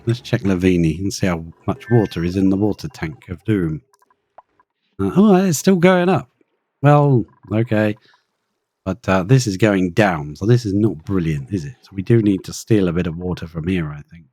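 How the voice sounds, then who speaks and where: A man's voice: sits low, moderate pace, warm tone, no echo. A man giving chatty live gameplay commentary, thinking aloud and talking to the creatures in his game. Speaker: streamer playing a colony-building game.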